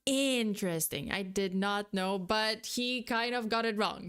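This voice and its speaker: A young woman streaming a reaction video, reading and thinking aloud in a giggly, excitable way. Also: medium pitch, a little slow, creaky, clear, resonant tone. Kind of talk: casual reaction commentary.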